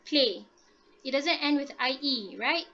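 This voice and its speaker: A woman's voice: high voice, measured pace, pushed and bright. A woman teaching a grammar lesson, patiently repeating rules and checking understanding with frequent "okay?". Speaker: English teacher. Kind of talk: online classroom lesson. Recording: dull lo-fi audio.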